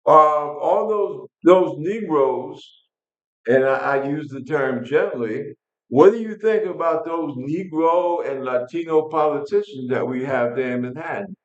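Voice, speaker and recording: A man's voice: a little high, unhurried, reverberant, highs cut off. An older man from New York, angry and blunt, ranting casually to his viewers with frequent restarts. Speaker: vlog host. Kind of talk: casual political rant to camera.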